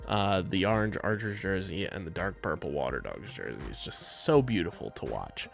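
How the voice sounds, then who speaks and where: A man's voice: deep voice, big pitch swings, normal speed, vocal fry, soft background music. A man co-hosting a casual sports podcast, upbeat and jokey, reading sponsor spots in a hype voice. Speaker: podcast co-host.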